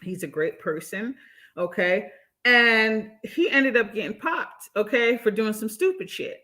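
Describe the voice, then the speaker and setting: A young woman hosting a livestream, reading out chat comments and reacting with animated, outspoken commentary, laughing often and swearing. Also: a little high, a little slow.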